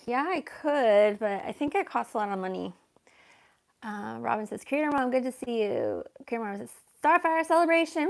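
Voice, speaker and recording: A woman hosting a casual livestream, soft-spoken and chatty, reading viewer comments aloud. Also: fairly high pitch, gravelly. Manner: soft-spoken, chatty, baby-talks to her cat. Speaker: livestream host.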